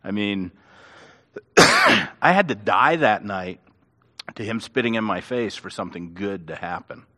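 A man's voice: on the low side, measured pace, pauses often. A middle-aged man, a pastor and author, telling stories about his faith and acting out the voices of the people in them. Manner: animated storyteller who acts out quotes. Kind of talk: storytelling in a faith interview.

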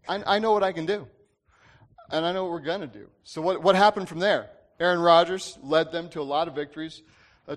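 A man preaching a casual sermon, talking to the congregation conversationally, often checking in with "right?" and restarting his sentences. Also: sits high. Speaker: pastor.

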